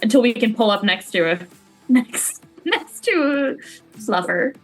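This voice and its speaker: A woman playing a tabletop game, speaking quickly and hesitantly, describing her character's actions. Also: fairly high pitch, lively intonation, faint music behind. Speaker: player. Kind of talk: casual tabletop play.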